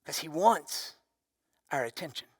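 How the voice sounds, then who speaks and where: A man preaching a sermon as pastor, with a loud voice that swings from forceful emphasis down to near-whispers. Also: fairly high pitch, lively intonation, unhurried, breathy edge, no echo, clean studio sound, in a large hall.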